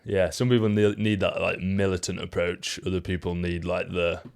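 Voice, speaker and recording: A man's voice: deep voice, little pitch movement, normal speed, gravelly, darkish tone, clear, resonant tone. A man co-hosting a casual podcast, chatting in a laid-back, teasing manner. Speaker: podcast co-host.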